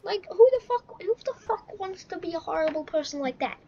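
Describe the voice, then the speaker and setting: High-voiced swearing woman gamer. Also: animated, a little fast, dull audio. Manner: profane, ranting, bursts into shouting. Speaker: gaming YouTuber. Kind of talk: let's play commentary. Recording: noisy recording.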